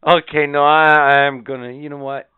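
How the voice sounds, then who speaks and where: A man's voice: fairly high pitch, little pitch movement, normal speed, clear, resonant tone, no room sound, narrow, tinny audio. A man co-hosting a podcast, telling a story in crude, sarcastic casual chat and swearing often. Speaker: podcast co-host.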